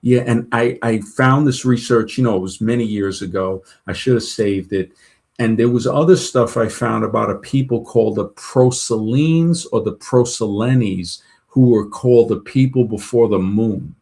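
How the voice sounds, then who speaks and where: A man's voice: medium pitch, moderate pace, vocal fry, darkish tone. A man telling long personal stories in a casual chat, rambling with many restarts and retold dialogue. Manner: rambling, full of restarts and "she goes" retellings.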